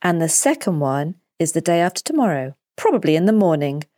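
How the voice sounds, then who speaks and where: Woman reading a calm, patient father. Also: sits low, a little fast, no echo, clean studio sound.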